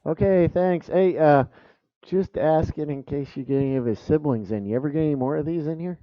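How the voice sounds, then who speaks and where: A man's voice: on the high side, fairly quick, muffled recording. A man playing a tabletop game, joking and easygoing in character chat. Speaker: player. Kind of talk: casual tabletop role-play chat.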